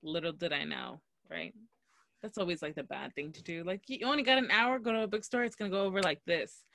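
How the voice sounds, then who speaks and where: A young woman co-hosting a podcast, telling a story in a lively, laughing way and acting out what people said. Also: fairly low pitch, fairly quick, no echo. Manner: animated, laughing, acts out quotes. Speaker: podcast co-host. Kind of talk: casual storytelling chat. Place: Los Angeles.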